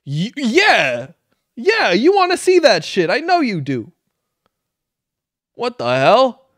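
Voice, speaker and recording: A man hosting a live-stream reaction, cracking sarcastic, profane jokes and laughing often. His pitch swings all over the place. The sound is dry and close. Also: huge pitch swings, takes it slowly, a bit bright, no room sound.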